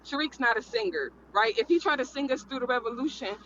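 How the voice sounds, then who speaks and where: High, bright-voiced man, rambling and emphatic. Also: animated, fast, muffled recording, a little hiss or hum. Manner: rambling, emphatic, repeats himself. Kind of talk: casual panel chat.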